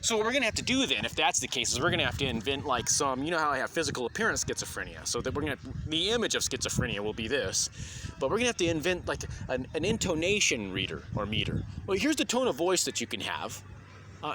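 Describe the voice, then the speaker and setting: A man's voice: fairly high pitch, very animated, quick pace, noisy background. A man delivering an indignant, rambling monologue to camera about constitutional rights, full of ums and uhs. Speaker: video commentator.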